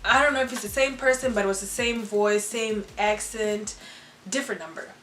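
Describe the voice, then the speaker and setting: A young adult woman telling a storytime vlog in an animated, chatty way, full of "like" and "you know". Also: medium pitch, brisk. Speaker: vlogger. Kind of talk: casual storytime chat. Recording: roomy room with faint music.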